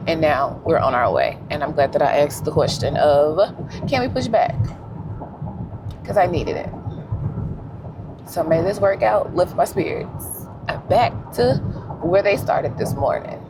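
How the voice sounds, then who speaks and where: A young woman vlogging while driving, telling stories in a relaxed, slangy way. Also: sits low, normal speed, pauses often, background noise. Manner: animated storytelling with slang and laughs. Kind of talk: casual vlog chat. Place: in a car.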